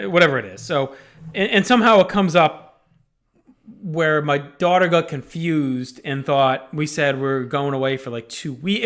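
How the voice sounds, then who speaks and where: A man co-hosting a podcast, telling a story in casual chat, with lots of fillers and swearing. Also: mid-range voice. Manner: animated, swears freely, many fillers. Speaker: podcast co-host.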